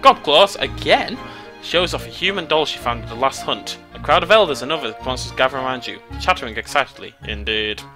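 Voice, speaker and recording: A young British man hosting a game let's play, reading the game's text aloud in a playful, jokey way with sudden leaps in pitch. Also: lively intonation, fairly quick, music in the background. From Britain.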